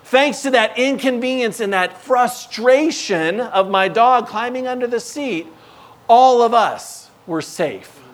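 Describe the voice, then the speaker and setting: A male pastor preaching a sermon, telling animated stories and acting out the scenes. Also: extremely high pitch, takes it slowly.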